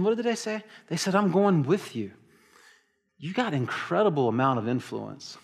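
A middle-aged man preaching a sermon, swinging between loud emphatic bursts and hushed, quiet asides. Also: medium pitch. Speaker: pastor.

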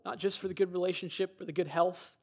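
A man's voice: high-pitched, fairly even intonation, quick pace, vocal fry, slightly rough. A man preaching a sermon, earnest and reflective, telling stories and speaking in quoted voices. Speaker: pastor.

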